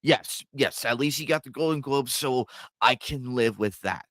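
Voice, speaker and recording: Male co-host, loose and rambling with plenty of swearing, mid-pitched voice, dry room. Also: moderate pace, a bit bright, dry recording. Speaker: co-host of a movie reaction channel. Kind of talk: casual chat about films.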